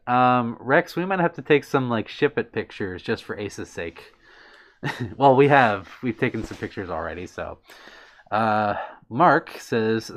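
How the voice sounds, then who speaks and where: A man's voice: mid-range voice, animated, measured pace. A man hosting a casual livestream, reading out viewer comments with a playful, giggly manner and brushing off compliments bashfully. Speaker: livestream host.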